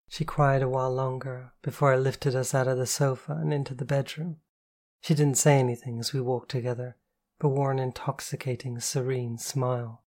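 A woman reading a novel aloud in the first person, calm, slow and intimate. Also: rumbling low. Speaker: audiobook narrator.

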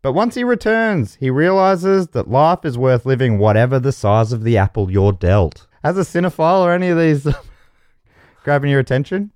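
Lively jokey male game show host. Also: medium pitch, moderate pace, no room sound, studio quality. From Australia. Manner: jokey, chuckles mid-sentence. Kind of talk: comedy podcast banter, reading quiz options.

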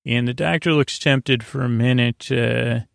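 Gravelly, flat-voiced man rambling a recap. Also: no echo, clean studio sound. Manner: rambling, halting, many fillers and restarts; low-key monotone retelling. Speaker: podcast host. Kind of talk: sleepy bedtime episode recap.

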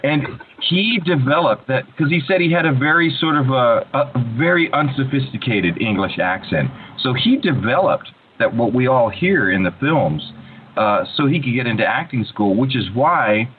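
A man in casual interview chat, an animated storyteller who often restarts his sentences. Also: medium pitch, normal speed. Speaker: voice actor guest. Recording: tinny phone-like line with faint hiss.

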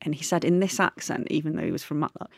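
Forties woman, low animated voice, anecdotal podcast guest. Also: quick pace, vocal fry, dry recording, clean studio sound. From Derbyshire, England. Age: 40s. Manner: lively, anecdotal. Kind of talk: casual storytelling chat.

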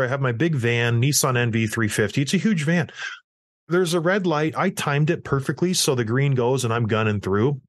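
A man in his thirties co-hosts a hockey podcast, ranting in animated bursts with his pitch swinging widely as he tells stories. The sound is close and dry, with no echo.

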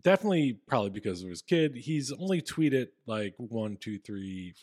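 Casual male podcaster, middle pitch, dry sound, loose rambling delivery. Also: very animated, moderate pace, darkish tone, dry recording. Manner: rambling with fillers and restarts. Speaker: podcast co-host. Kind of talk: casual chat.

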